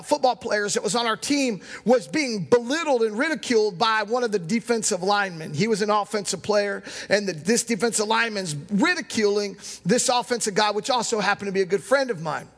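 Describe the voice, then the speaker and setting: High-voiced man preaching in a reverberant hall. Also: a little fast, hardly any pauses. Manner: emphatic preaching, at times shouting. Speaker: pastor. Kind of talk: sermon.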